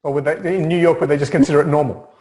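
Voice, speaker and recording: A man's voice: a little high, steady tone, very fast, a little mellow. A man hosting an interview, asking curious questions in a chatty, casual way. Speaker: host. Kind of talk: interview conversation.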